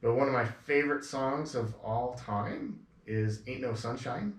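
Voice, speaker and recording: A man's voice: medium pitch, expressive, measured pace, far from the mic. A man with a middling voice, co-hosting a local radio show and trading jokes with his partner. He talks in a laid-back, chuckling way. He sits a little back from the mic, and the studio sounds roomy. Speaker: radio co-host. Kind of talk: casual radio banter.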